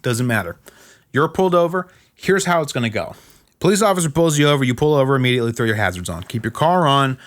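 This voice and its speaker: A man's voice: mid-range voice, expressive, fast, fairly bright tone. A man hosting a podcast, giving blunt, emphatic step-by-step advice in a casual monologue. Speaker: podcast host.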